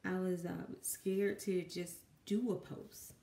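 A woman's voice: lowish voice, flat delivery, slow pace, vocal fry, dark tone. Nervous Southern woman rambling. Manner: rambling, self-conscious, many fillers. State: dry voice. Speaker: artist and mother. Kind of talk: nervous painting vlog. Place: home room with kids in the background. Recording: echoey room.

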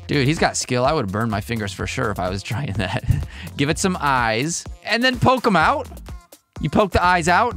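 A man's voice: mid-range voice, fairly bright tone. A man giving casual commentary on a reaction video, bemused and rambling, constantly questioning what he sees. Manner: bemused, keeps asking questions, rambling asides.

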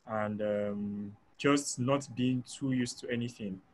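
A man's voice: medium pitch, slow pace, a little hiss or hum. A man hosting a webinar who reads out audience questions with a hesitant manner and many fillers. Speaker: webinar host. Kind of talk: moderating questions. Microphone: video call.

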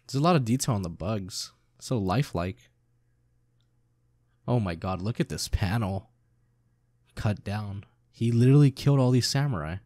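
A man reading a manga aloud and reacting to it in a casual, excitable way, swearing freely. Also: lowish voice, normal speed, pauses often, dry recording, clean studio sound.

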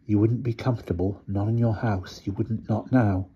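A man reading a story aloud and voicing a boy who speaks softly, calmly and matter-of-factly. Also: lowish voice, normal speed, breathy edge, lo-fi sound. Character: calm, quietly menacing boy.

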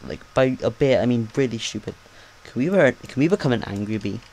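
A man hosting a gaming channel, giving live, excitable and jokey commentary as he plays. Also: mid-range voice, a little fast. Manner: excitable, jokey, talks to himself.

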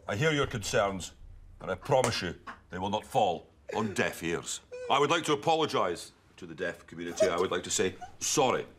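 A man playing a pompous, over-apologetic bald police chief with a Scottish accent, giving a stiff, deadpan press statement. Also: sits low, a little fast, noisy background. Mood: solemn.

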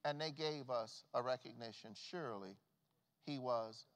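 A man preaching a sermon as pastor, swinging from loud calls to hushed, folksy asides. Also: mid-range voice, measured pace. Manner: preaching with big swings from shouts to hushed tones. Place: church sanctuary. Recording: long reverb of a church hall.

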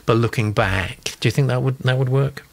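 An English man hosts a relaxed panel discussion over a video call, reading out comments and chuckling along. His voice has a gravelly, creaky edge and sits at a medium pitch. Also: normal speed. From England. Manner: warm, chatty, breaks into laughs. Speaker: host of a manuscript feedback show. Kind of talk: casual panel chat, reading out viewer comments.

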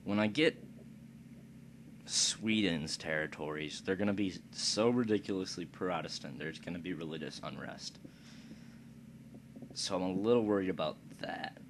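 A man's voice: low voice, moderate pace, pauses often. A man giving casual commentary over a strategy game, talking to himself with crude, profane jokes and asides. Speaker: let's play commentator. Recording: steady background noise.

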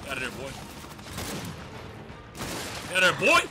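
A man giving live gameplay commentary, loud and excitable, trash-talking in slang. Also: on the high side, normal speed, heavy background noise. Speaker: gamer. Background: game music and gunfire.

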